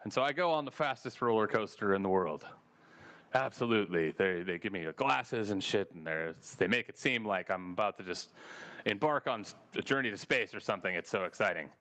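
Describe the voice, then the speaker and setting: A man's voice: on the low side, a little fast. A man with an American accent telling a travel story in casual, profane podcast chat and acting out the dialogue. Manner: animated, swearing, acts out dialogue.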